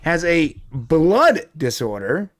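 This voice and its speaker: A man's voice: on the high side, very animated, slow pace, no room sound. A man co-hosting a pop culture show, chatting casually about a TV episode. He rambles and jokes, restarting his sentences as he goes. His voice is close to the mic, with almost no room sound. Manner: rambling, jokey, many restarts. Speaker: podcast co-host.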